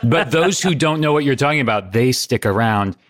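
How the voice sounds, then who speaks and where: A man's voice: mid-range voice, lively intonation, a little fast. A middle-aged man co-hosting a podcast, riffing in a dry, playful way with small chuckles. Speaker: podcast co-host. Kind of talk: casual comedic chat.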